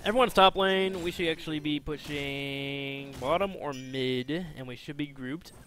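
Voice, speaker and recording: A man giving casual, self-mocking commentary while playing a video game, chatty and jumping between excited outbursts and low mumbles. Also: measured pace, faint music behind.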